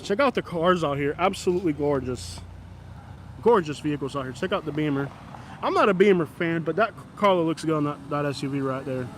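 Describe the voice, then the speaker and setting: A man with a fairly high voice talks a little fast while live-streaming on a busy street outdoors. He jokes with chat and mock-scolds passing drivers in a vlog about passers-by, with slight background noise audible.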